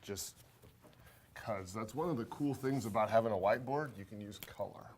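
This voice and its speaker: A man teaching an accounting class, talking fast and joking with students, his throat dry from talking. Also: on the low side, slight background noise. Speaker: accounting instructor. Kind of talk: classroom lecture.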